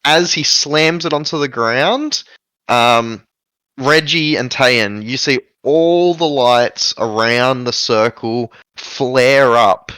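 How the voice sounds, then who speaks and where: A man's voice: medium pitch, slow pace, pushed and bright, clean tone, dry recording. A man narrating a tabletop game as game master, describing scenes with frequent fillers.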